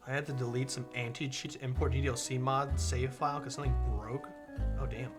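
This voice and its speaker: A streamer chatting with viewers and reading a visual novel aloud, excitable and swearing freely. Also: medium pitch, fast talker, faint music behind.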